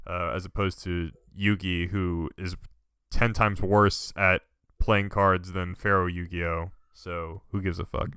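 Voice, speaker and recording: A man's voice: deep voice, little pitch movement, moderate pace, pushed and bright, clean tone, dry recording, studio quality. A young man co-hosting a podcast, chatting in a laid-back way and laughing often. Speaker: podcast co-host. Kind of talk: casual chat.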